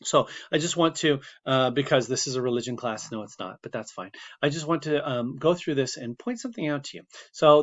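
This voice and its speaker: A man's voice: a little high, lively intonation, fast, few pauses. Chatty male teacher, muffled recording. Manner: casual, chatty, with asides and fillers. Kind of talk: classroom video lecture.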